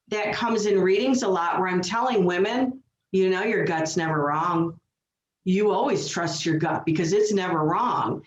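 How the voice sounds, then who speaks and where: A woman medium telling stories in a casual interview, lively and full of acted quotes. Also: lowish voice. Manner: animated storytelling with acted quotes. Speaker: medium, guest. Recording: roomy, dull lo-fi sound.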